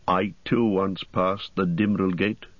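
A man's voice: on the low side, measured pace, no room sound, lo-fi sound. A man reading the part of a weary, seasoned ranger in an audiobook, heavy and earnest.

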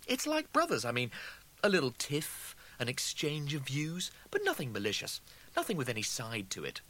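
A man voicing a pompous, prickly male space officer, his voice strained and high-pitched and breaking into shouts. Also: huge pitch swings, moderate pace, heavily acted. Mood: smooth denial.

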